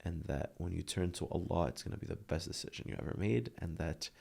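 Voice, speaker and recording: A man's voice: sits low, quick pace, gravelly, a little mellow, slightly rough. A man in his thirties, a guest speaking earnestly and emotionally about his struggles, often dropping to a near whisper. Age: 30s. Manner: earnest, heartfelt, drops to a near whisper at tender moments. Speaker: podcast guest. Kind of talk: emotional interview talk.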